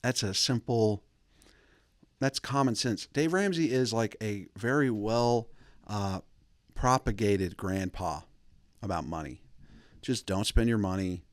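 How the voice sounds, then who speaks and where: A man with a fairly low voice talks his way through a loose, rambling comic monologue as host of his own show. He wanders off on tangents, circles back, and chuckles at his own jokes. The sound is dry and close, with no room around it. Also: unhurried, long pauses, no echo. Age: adult father of kids. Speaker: podcast host.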